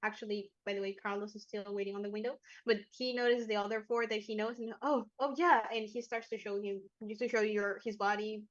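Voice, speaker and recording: A woman narrating as game master of a tabletop game, measured and acting out characters now and then. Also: mid-range voice, flat delivery, dull audio.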